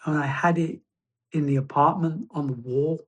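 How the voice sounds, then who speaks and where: A man sharing a personal testimony as a guest, reflective and halting, often restarting his phrases. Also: a little high, steady tone.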